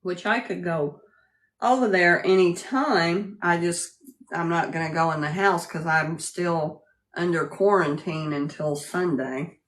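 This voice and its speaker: A woman's voice: on the low side, unhurried. A woman hosting a casual livestream, greeting viewers by name and laughing often as she chats. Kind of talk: casual live chat.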